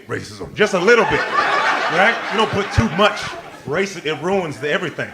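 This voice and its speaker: A male stand-up comedian performing a live set on a club stage, excitable and playful, working the crowd and leaping into squealing quoted voices. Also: sits high, slow, pauses often. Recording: live club recording with crowd laughter and noise.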